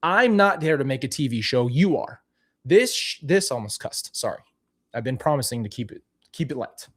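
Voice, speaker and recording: Male vlogger, mid pitch, candid and animated, talks straight to camera with restarts; casual commentary. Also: moderate pace, breathy edge. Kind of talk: casual commentary on old clips.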